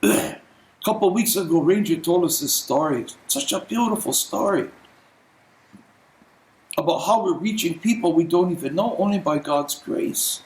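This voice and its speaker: Throat-clearing pastor, roomy echo. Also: male voice, high-pitched, expressive, moderate pace, darkish tone, a little hiss or hum. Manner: conversational storytelling, often clearing his throat. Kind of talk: sermon.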